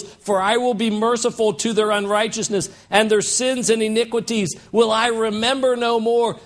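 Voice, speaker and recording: A man pastor preaching a sermon in a church, swinging from hushed, low stretches to shouted high bursts. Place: church sanctuary.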